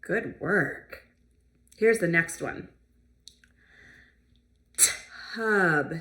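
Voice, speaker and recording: A woman speech therapist leading a children's sound practice lesson, modeling sounds clearly and giving encouraging praise. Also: fairly low pitch, bright, forceful tone. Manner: slow, clear modeling of sounds with pauses for kids to repeat.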